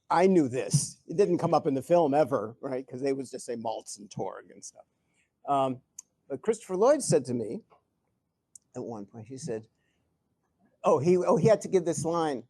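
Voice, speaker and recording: An older man answering audience questions at a live event, telling stories in an animated way, chuckling and often restarting his sentences. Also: medium pitch, breathy edge, dry recording. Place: event hall before an audience.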